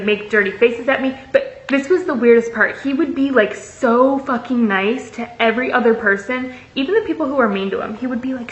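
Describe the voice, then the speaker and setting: Her pitch sits fairly high and her tone is fairly bright as this young female vlogger chats her way through a story and reads messages aloud. She swears without restraint and leans heavily on likes and ums. Echo from the room and slight muffling color the recording.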